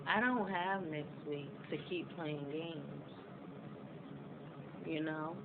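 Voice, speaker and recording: A woman talks straight into her phone, venting in a fairly low voice. She gets loud and tense when something frustrates her. Steady outdoor noise sits clearly behind her. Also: takes it slowly, narrow, tinny audio. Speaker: vlogger. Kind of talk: casual vlog to camera.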